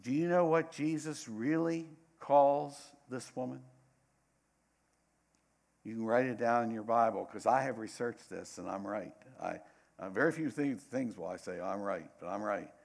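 A middle-aged man preaching a sermon, dramatic, swinging between loud bursts and hushed asides. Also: mid-range voice, unhurried, gravelly.

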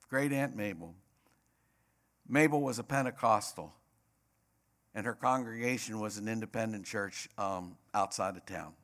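A man's voice: fairly low pitch, a bit bright. A man preaching a sermon as pastor, emphatic and repetitive, rising to passionate peaks.

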